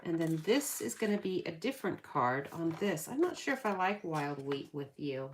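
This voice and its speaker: A woman with a deep voice and big pitch swings hosts a card-making tutorial at a moderate pace. Working at her craft table, she chats casually, thinks aloud, corrects herself and laughs at her own slips. Loud background noise runs through the recording.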